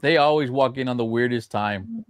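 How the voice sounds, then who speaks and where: A man's voice: medium pitch, normal speed, no room sound. Wry man on a chat panel. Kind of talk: casual chat.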